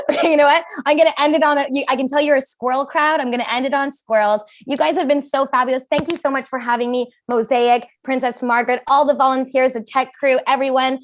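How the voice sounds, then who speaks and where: A female comedian performs a self-deprecating stand-up set at a virtual event. Her delivery is animated, and she often laughs at her own jokes. Her voice sits a little high. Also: fast.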